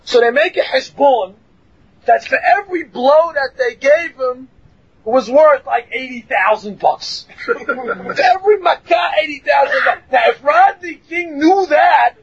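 Guy teaching a torah class, high raspy voice, acts out the story loud, kinda muffled recording. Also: normal speed. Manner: animated, acts out voices and shouts for emphasis.

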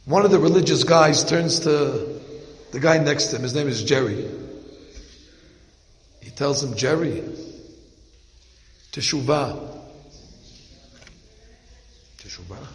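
A man's voice: fairly high pitch, moderate pace, long pauses, roomy sound, in a large hall, low-quality recording. A man, a rabbi, preaching a sermon and telling stories, acting out the voices of the people in them. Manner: animated storyteller acting out dialogue, gravelly voice. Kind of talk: sermon with storytelling.

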